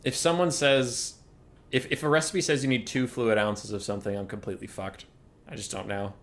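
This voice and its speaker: A man with a mid-pitched voice hosts a game stream in a loose, chatty way. He rants and swears, then swings into loud, exasperated outbursts. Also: fairly even intonation, a little fast. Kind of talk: casual live-stream chat.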